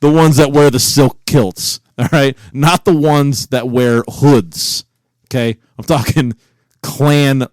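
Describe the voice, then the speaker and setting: A man co-hosting a casual podcast from a home recording room, cursing freely and breaking into loud disbelief. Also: medium pitch, steady tone, takes it slowly, no echo, clean studio sound. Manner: profane, incredulous, loud bursts of disbelief. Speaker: podcast co-host. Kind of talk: casual banter.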